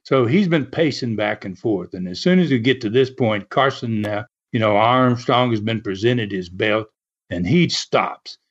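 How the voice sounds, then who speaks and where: A man casually telling a wrestling story, animated and chuckling, dropping "man" into his sentences. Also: fairly low pitch, normal speed. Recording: dull lo-fi recording.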